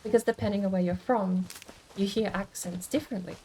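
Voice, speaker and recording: A woman's voice: medium pitch, fairly even intonation, brisk, mellow, a little hiss or hum. A woman streamer in casual chat, musing aloud and answering chat comments as she goes. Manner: chatty and musing, with many restarts.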